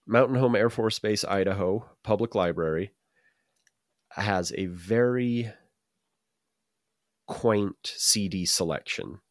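A man's voice: fairly low pitch, takes it slowly, long pauses, no room sound. A man who grew up in Utah, co-hosting a casual chat show, rambling with repeats and dry jokes. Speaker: podcast co-host.

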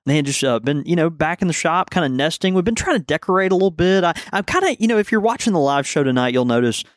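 A man's voice: a little high, animated, fast talker, no room sound, clean studio sound. A man co-hosting a casual live podcast, rambling with many fillers and restarts. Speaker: podcast co-host and shop owner. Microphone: studio microphone.

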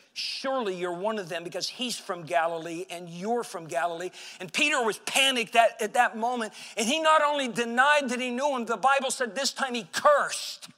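High, bright-voiced preaching pastor. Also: male voice. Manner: impassioned preaching, swinging between loud and hushed. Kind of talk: sermon. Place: church sanctuary.

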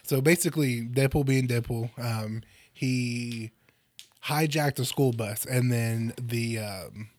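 A man's voice: mid-range voice, slow, darkish tone, no echo. A man hosting a podcast, chatting casually about comics and laughing often as he retells the stories. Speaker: podcast host.

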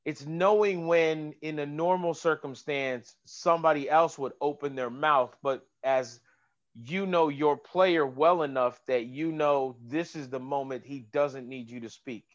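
A man, a golf caddy and comedian, telling stories in a casual chat, animated and swearing, acting out voices. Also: on the high side, unhurried, lo-fi sound. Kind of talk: casual podcast storytelling.

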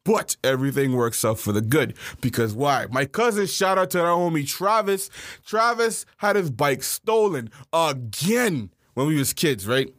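Animated storytelling podcast man. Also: a little high, unhurried, no echo, studio quality. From South Florida. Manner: animated storyteller, acts out voices and yells in his stories. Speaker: podcast co-host. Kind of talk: casual storytelling chat.

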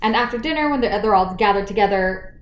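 A woman co-hosting a casual book chat, retelling the plot with lively acted-out quotes. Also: mid-range voice, quick pace, roomy sound, slight background noise. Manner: retells the plot animatedly, acting out the characters' lines. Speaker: podcast co-host recapping a book.

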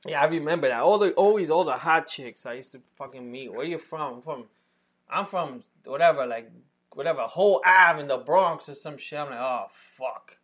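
Laid-back New man, slightly high voice. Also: moderate pace, fairly bright tone. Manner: laid-back, frequent backchannel agreement, profane. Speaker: podcast co-host. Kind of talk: casual chat.

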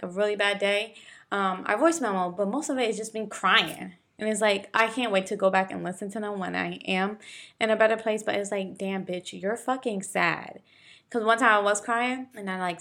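A woman's voice: medium pitch, creaky, fairly bright tone. Candid, cursing young woman chatting. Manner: candid, swears freely, laughs often. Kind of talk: casual chat.

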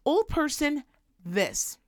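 Female co-host, profane and animated, swings her pitch widely, dry close mic. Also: takes it slowly, no room sound. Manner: animated, profane, acts out voices. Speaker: podcast co-host. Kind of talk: casual chat, storytelling rant.

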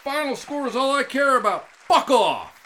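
A man putting on a gruff, short-fused contestant with an accent, muttering low in his throat before he blows up into furious rants. His voice sits a little high for a man and swings widely in pitch. A faint hiss runs under the recording. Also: expressive, normal speed, a bit bright, some chatter behind. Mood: angry ranting. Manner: low grumbling voice that bursts into angry ranting. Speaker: game show contestant.

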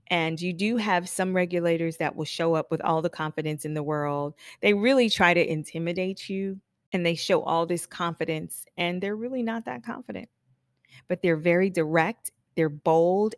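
A woman's voice: fairly low pitch, no echo, clean studio sound. A woman coaching hairstylists in a casual solo talk, chatty, laughing often and acting out her clients' lines.

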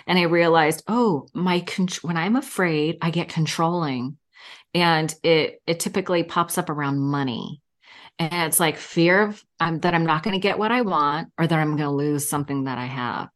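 A woman's voice: fairly low pitch, moderate pace. A woman in her fifties, a podcast guest in casual interview chat, telling candid stories and laughing often.

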